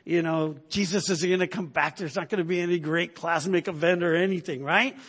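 Guy giving a sermon, slightly high voice, chatty and storytelling, big echoey hall. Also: fairly even intonation, brisk, fairly bright tone, breathy edge. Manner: conversational, storytelling with frequent "right?". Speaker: pastor.

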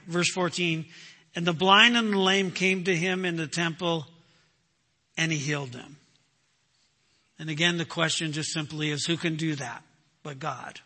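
A man's voice: on the high side, bright, forceful tone, in a large hall. A man preaching a sermon, emphatic, asking rhetorical questions and answering them himself. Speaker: pastor.

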